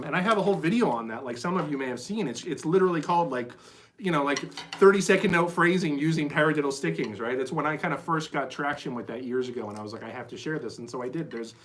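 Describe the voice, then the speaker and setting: A man's voice: fairly high pitch, a little hiss or hum. A man giving a casual, enthusiastic drum lesson on a live stream, peppering his talk with "like" and "right?" and scatting rhythms aloud. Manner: chatty, enthusiastic, full of "like" and "right?"; scats rhythms aloud with syllables. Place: drum shed. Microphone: phone.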